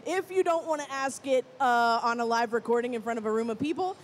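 A woman's voice: a little high, quick pace, slight background noise. A woman moderating a live panel, playfully addressing the audience and calling for questions. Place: stage before a live audience.

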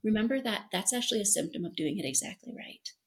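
Animated woman telling motivational stories. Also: medium pitch, fast. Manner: animated storyteller, acts out quotes, laughs often. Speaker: guest. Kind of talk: podcast interview, motivational storytelling.

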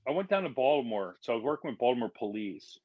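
A firefighter from Philadelphia, a man telling stories as a podcast guest, acting out the people he quotes in lively voices. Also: mid-range voice, fast talker, slightly rough, no room sound, phone-quality sound. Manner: animated, acts out quotes in changing voices. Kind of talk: casual storytelling in a podcast interview.

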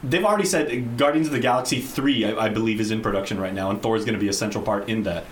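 Guy on a movie podcast, gets animated, does little voices, kinda echoey room with faint hiss. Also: lowish voice, very fast. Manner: animated, acts out characters' lines. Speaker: podcast co-host. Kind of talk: casual movie review chat.

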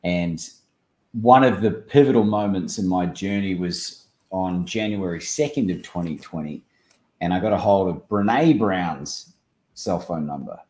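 An Australian man chatting as a guest, an animated storyteller who acts out quoted dialogue. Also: low-pitched, unhurried, echoey room. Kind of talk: casual chat.

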